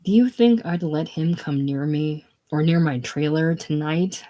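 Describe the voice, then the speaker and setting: In a casual play reading, a reader voices a brash, combative middle-aged woman who is loud and scornful, mocking and jeering at everyone nearby. The pitch is middling, the pace measured, and the voice natural, with a mocking mood throughout.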